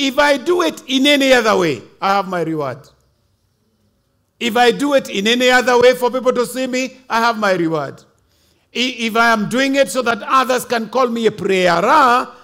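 A man's voice: very high-pitched, fairly bright tone. A man with a Kenyan accent preaching a sermon as a bishop, emphatic, slipping in Swahili and Kikuyu asides.

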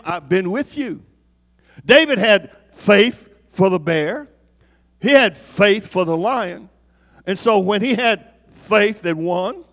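A man's voice: sits high, a bit bright. A man preaching a sermon as an apostle, repeating lines for emphasis and calling on the congregation to respond. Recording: long hall reverb.

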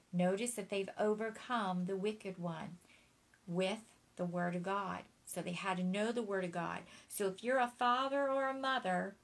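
A woman delivers a sermon at an unhurried, deliberate pace, her voice sitting at an ordinary middle pitch. She teaches emphatically, repeating key phrases for weight. She pauses to spell out terms so listeners can take notes. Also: poor audio. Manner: teaching, spells out words for note-takers. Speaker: preacher.

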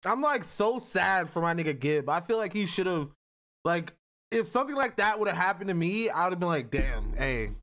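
A man's voice: high-pitched, expressive, moderate pace, a bit bright. A man streaming live, reacting to a video in a casual, slangy way and laughing often.

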